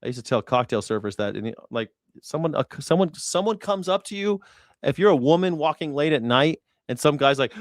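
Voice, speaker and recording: A man's voice: a little high, lively intonation, fairly quick, dry recording, studio quality. A man hosting a casual commentary show, telling stories in a blunt, profane way. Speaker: host.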